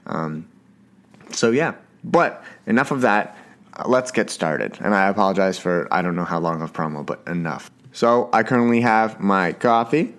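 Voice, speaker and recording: Fast-talking, stuttering young man. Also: on the low side, expressive. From Canada. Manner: talks fast and stutters, swears casually. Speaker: podcast host. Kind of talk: casual solo podcast talk.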